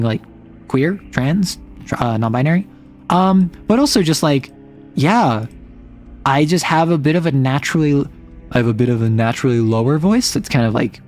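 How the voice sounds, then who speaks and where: A young adult non-binary streamer chatting casually and rambling, often sliding between higher and lower voice registers. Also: darkish tone. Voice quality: some gravel in the voice. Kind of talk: casual live-stream chat.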